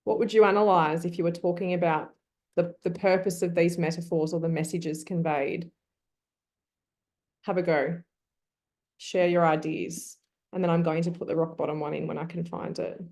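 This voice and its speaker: A woman's voice: fairly low pitch, level tone, normal speed, a little mellow. A woman teaching an online class, coaxing her students and thinking aloud with frequent ums.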